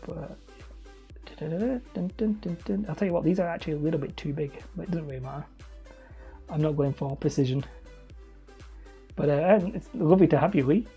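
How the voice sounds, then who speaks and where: Crafting hobby terrain on a live stream, a Lancashire woman from Leigh, near Wigan, keeps up a casual, rambling, self-mocking chat in her Wigan-area accent. She speaks fast in a deep, warm voice broken by long pauses, over soft background music.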